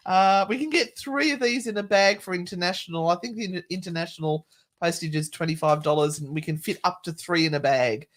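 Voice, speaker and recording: A woman's voice: fairly low pitch, normal speed. A middle-aged woman co-hosting a paranormal live stream, chatting in a jokey way with the odd swear word. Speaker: paranormal livestream co-host. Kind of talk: casual live-stream chat.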